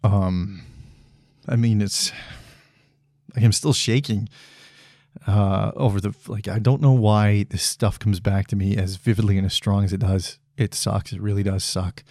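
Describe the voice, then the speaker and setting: Low, mellow-voiced frustrated man in his thirties. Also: steady tone, no room sound, clean studio sound. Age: 30s. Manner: frustrated and blunt, swearing, halting with restarts. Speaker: podcast host. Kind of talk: solo podcast monologue.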